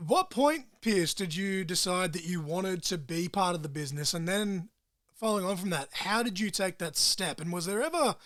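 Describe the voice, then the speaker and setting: A laid-back male podcast host with a notably high voice. He asks long, looping questions and swears casually, and the recording is dry and close. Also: lively intonation, moderate pace, a bit bright, no echo. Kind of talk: casual interview chat.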